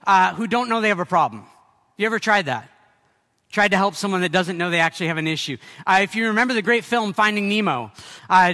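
Bright, high-voiced male preacher. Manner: energetic, excitable, with restarts and playful asides. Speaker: pastor. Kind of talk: sermon. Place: church gathering room.

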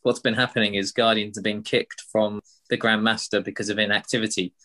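A man's voice: on the low side, little pitch movement, a little fast, bright, forceful tone. A man with a British accent co-hosting a casual gaming podcast, chatty and teasing, speaking to listeners directly. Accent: British English. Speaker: podcast co-host. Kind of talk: casual chat.

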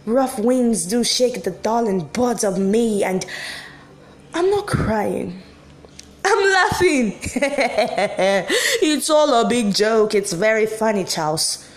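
A woman's voice: medium pitch, animated, takes it slowly. A woman acting a dramatic monologue as a heartbroken wife who refuses a divorce, swinging between giddy laughter and bitter sarcasm. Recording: echoey room.

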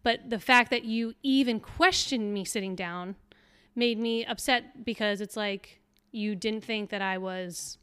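Young woman co-host, casual chat, smooth and clear, acts out quotes as she tells it. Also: medium pitch, a little slow, dry recording, clean studio sound. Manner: animated storytelling, acting out quotes. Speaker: podcast co-host.

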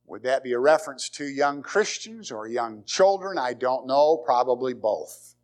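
A man's voice: mid-range voice, animated, normal speed. A man preaching a sermon as pastor, emphatic, repeating key words and asking the congregation rhetorical questions.

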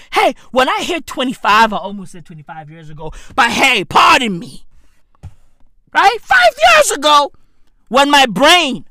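A woman, loudly rambling through a comic monologue, repeating herself, swearing and dropping slang. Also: mid-range voice, gravelly, no room sound, clean studio sound. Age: 30s.

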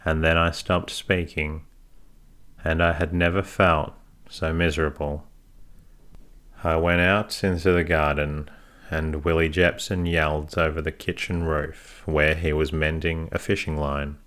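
A man narrating a first-person story as an audiobook, in a measured, unhurried way. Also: very deep voice, little pitch movement, a bit bright.

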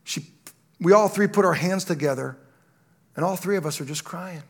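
A male pastor delivers a sermon in a gravelly, slightly high voice. He moves from quiet storytelling to loud, impassioned preaching, talking straight to his congregation. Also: fairly quick.

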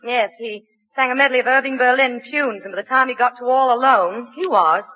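A woman's voice: a little high, a little fast. A woman appearing as a guest actress in a 1940s radio comedy, patient and wry. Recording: muffled old radio recording with reverb and hiss.

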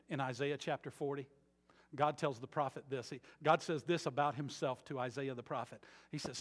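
A man preaching a sermon as a pastor, moving between quiet earnest passages and loud emphatic ones. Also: a little high, brisk, long reverb tail. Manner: dynamic preaching, swings from soft to loud emphatic.

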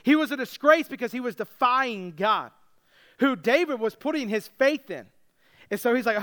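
A man preaching a sermon, retelling a story with lively, casual character voices. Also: very high-pitched, moderate pace. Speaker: pastor.

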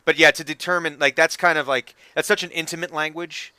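A man running a tabletop game as game master, talking in a relaxed, rambling way. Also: a little high, brisk, clear, resonant tone, no echo. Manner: relaxed, rambling, laughs easily.

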